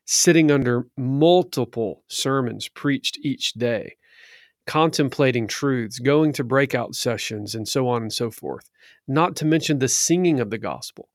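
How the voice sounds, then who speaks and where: A church elder, a man, giving an earnest, measured account that stacks up lists for emphasis. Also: medium pitch, lively intonation, no echo, clean studio sound. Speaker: church elder and conference organizer. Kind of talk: reflective spoken account.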